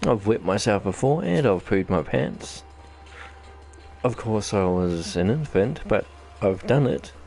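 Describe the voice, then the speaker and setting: Kiwi guy with a gravelly voice doing let's-play commentary, rambly and jokey. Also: on the low side, big pitch swings, a little slow, darkish tone, soft background music. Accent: New Zealand. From New Zealand. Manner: rambling, jokey, self-deprecating chatter. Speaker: gaming channel host.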